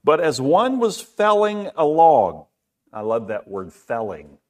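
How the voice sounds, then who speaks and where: A man's voice: on the high side, very animated, slow pace. A middle-aged man preaching a sermon in a conversational way, asking rhetorical questions and often repeating words. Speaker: pastor.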